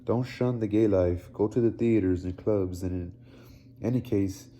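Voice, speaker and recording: A man's voice: fairly low pitch, normal speed, mellow, slight background noise, lightly acted. A man reading as a brusque older doctor. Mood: insistent. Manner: curt, clears throat with "hmm".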